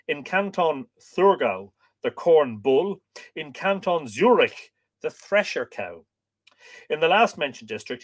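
A man hosts a live stream, reading an old scholarly book aloud at an unhurried pace. His pitch rises and falls in a lively way, and he often breaks off to greet viewers and joke. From Ireland.

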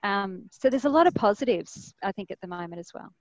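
A woman's voice: medium pitch, lively intonation, a little fast, no echo, lo-fi sound. A woman with an Australian accent chatting enthusiastically on an online panel, full of fillers. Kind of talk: casual video-call panel chat. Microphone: video call.

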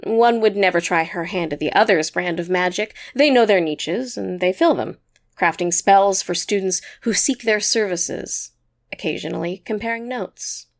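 A woman narrating a short story in a measured, even storytelling manner. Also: medium pitch.

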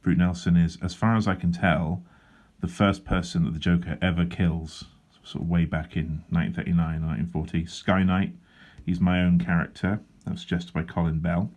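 Deep-voiced man with dry rambling humour. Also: fairly even intonation, brisk, darkish tone. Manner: dry, self-deprecating humour with rambling asides. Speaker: comic artist. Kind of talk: casual drawing vlog chat. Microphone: handheld wobbling camera.

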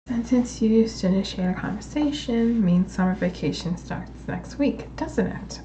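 A woman reading her study notes aloud and explaining them slowly, in a study-with-me video. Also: medium pitch, lively intonation, warm tone, a little hiss or hum, low-quality recording. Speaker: language learner studying on camera.

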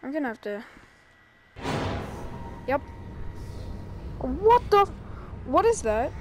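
A woman's voice: sits high, big pitch swings, takes it slowly, over music. A woman playing a spooky video game and commenting as she goes, jumpy and exclaiming, with the odd curse. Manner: jumpy, exclaiming, swearing now and then. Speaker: gamer. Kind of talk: let's play commentary.

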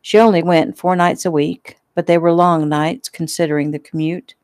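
Author-narrator, woman, lowish dry voice, relaxed homey read with small slips. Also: moderate pace, no room sound. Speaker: author reading her own novel. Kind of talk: casual audiobook narration.

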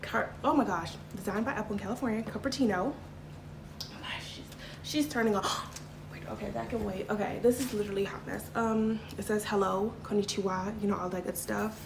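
A young woman vlogging to her handheld camera, bubbly and excitable, chatty with lots of "like" and "y'all". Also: medium pitch, fast talker, gravelly, hardly any pauses. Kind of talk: casual vlog talk to camera. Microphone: handheld vlog camera. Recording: echoey room with background noise.

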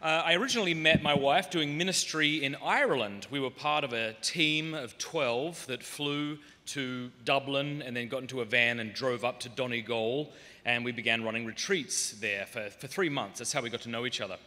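A man from Australia, whose Australian accent has softened, gives a humorous talk to a conference audience in a large hall, telling self-deprecating stories with comic asides. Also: medium pitch, moderate pace. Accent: muted Australian. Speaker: conference speaker. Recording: long reverb of a large hall.

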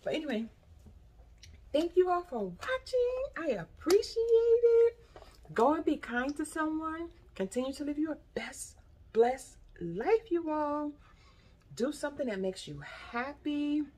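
A woman vlogger with a high voice and a measured pace chats casually while tasting snacks from a haul, sometimes talking mid-chew. She's expressive and chatty and says "y'all" a lot.

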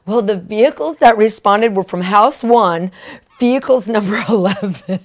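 A woman preacher telling a testimony in an animated, emotional way, peppering her talk with "right?" and "like". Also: mid-range voice, normal speed. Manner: fillers like "right?" and "like". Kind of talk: live-streamed testimony preaching.

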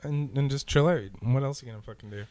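A man's voice: mid-range voice, quick pace, darkish tone, dry recording, clean studio sound. A man co-hosting a podcast in casual chat, laid-back, swearing and chiming in. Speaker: podcast co-host.

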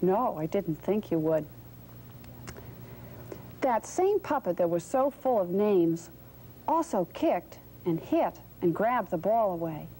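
Gentle woman hosting children's TV. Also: medium pitch, very animated, takes it slowly, long pauses, a little hiss or hum. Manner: gentle, questioning, patient. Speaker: children's TV host. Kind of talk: talking to young viewers.

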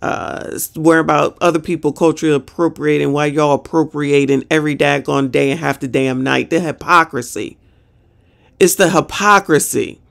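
In a deep, creaky voice, a female reaction-show host delivers sassy, exasperated commentary, ranting with a bit of mild swearing.

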